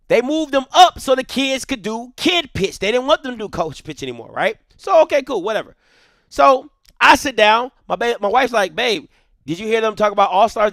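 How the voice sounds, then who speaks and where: A man in his thirties hosting a show, retelling a story in an animated, heated way. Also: extremely high pitch, no room sound, studio quality. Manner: heated, emphatic retelling with quoted dialogue. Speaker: show host.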